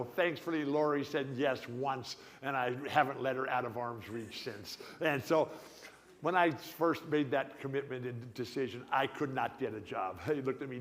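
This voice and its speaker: An older man giving an animated after-dinner speech as guest speaker, telling stories and often restarting or repeating words. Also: medium pitch, moderate pace. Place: banquet hall. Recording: reverberant hall.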